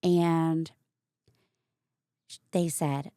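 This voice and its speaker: A woman hosting her own vlog, candidly telling a personal story in a casual, animated way. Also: low-pitched, unhurried, vocal fry, no room sound, studio quality. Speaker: vlogger host.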